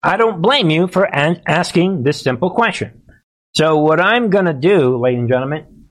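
A man's voice: fairly high pitch, animated, moderate pace. A male host delivers live-streamed political commentary in a slightly raised voice. He talks in an agitated, repetitive and preachy way.

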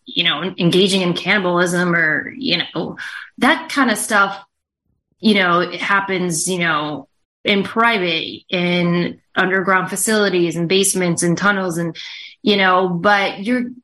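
A woman guest talks casually and earnestly, often halting and restarting. Her voice sits on the low side for a woman. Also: steady tone, sharp tone. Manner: halting, many fillers, earnest. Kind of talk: casual interview talk.

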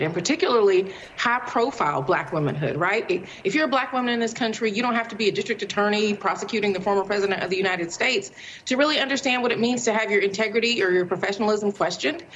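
A woman's voice: medium pitch, expressive, quick pace, fairly bright tone. A woman giving emphatic televised political commentary, often asking rhetorical questions. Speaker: cable news commentator. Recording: muffled clip with faint background noise.

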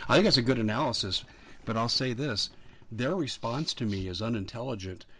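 A man hosting a talk show, speaking in a measured, assertive way. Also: medium pitch, fairly bright tone, a little hiss or hum. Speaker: host.

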